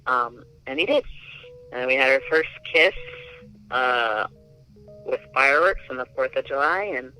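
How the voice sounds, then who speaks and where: Man, casual storyteller, very bright and forceful tone, lots of likes and ums. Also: mid-range voice, rough recording. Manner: chatty, filler-heavy with many likes. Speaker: interviewee.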